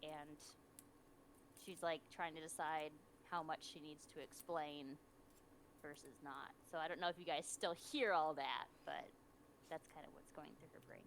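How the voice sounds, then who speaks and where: A woman player explaining her character's thoughts in casual tabletop talk, slow and thoughtful. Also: sits low, fairly even intonation, fairly bright tone, a little hiss or hum, low-quality recording. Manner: thoughtful, explaining slowly with fillers.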